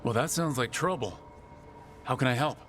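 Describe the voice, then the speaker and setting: A man voices a decisive adventurer hero in a fantasy video game. His voice is medium-pitched and his delivery is calm, plain-spoken and steady. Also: normal speed, soft background music, close to an everyday voice.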